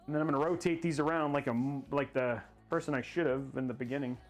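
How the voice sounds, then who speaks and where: A man with a medium-pitched, steady voice talks quickly while building a PC on a casual livestream. He rambles, goofs around, and laughs at himself as he chats with his viewers. Faint music plays in the background.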